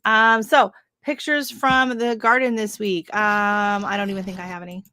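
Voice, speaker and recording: A chatty woman in her thirties, from Canada, rambles through a story on a home livestream. She fills her talk with "like" and "um" and laughs often. Her voice sits at a middle pitch, and the webcam sound is dry and close with no room echo. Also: steady tone, slow, bright, forceful tone. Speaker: gardening channel host. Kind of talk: casual livestream chat.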